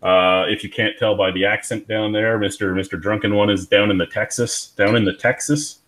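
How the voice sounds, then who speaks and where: Canadian male host, lowish voice, rambling jokey livestream chat. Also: fairly even intonation, a little fast, a bit bright, low-quality recording. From Ontario, Canada. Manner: joking, rambling, laughs often. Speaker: host of a beer review livestream. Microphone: webcam setup at home.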